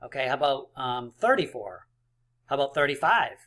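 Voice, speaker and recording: A man teaching small children to count, upbeat and playful, with little sound effects between rounds. His voice is bright and forward, and his pitch sits in an ordinary middle range. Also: very animated, moderate pace. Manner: encouraging, playful, counts aloud. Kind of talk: math lesson for young children.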